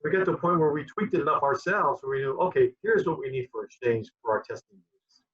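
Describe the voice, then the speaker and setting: With lively intonation and a fast delivery, his mid-range voice sounds a bit bright with a breathy edge. The QA director rambles as an interview guest, repeating words often, in a conversational chat recorded in dull lo-fi.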